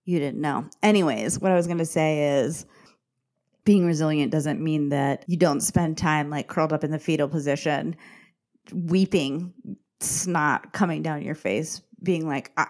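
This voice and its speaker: A woman's voice: deep voice, measured pace, darkish tone. A woman in her forties hosting a podcast, chatting in a casual, self-mocking way and laughing often. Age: 40s. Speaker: podcast host. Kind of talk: casual solo podcast talk.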